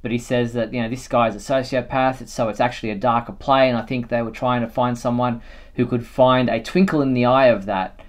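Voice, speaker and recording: A man's voice: mid-range voice, steady tone, a little fast. A man hosting a live fan show, chatting casually and thinking aloud with plenty of fillers. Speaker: host.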